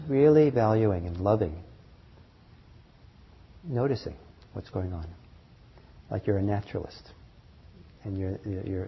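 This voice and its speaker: A man teaching meditation to a live group, talking in a halting way with fillers, restarts and soft chuckles. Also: on the low side, husky. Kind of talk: dharma talk to a group. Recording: dull lo-fi talk recording.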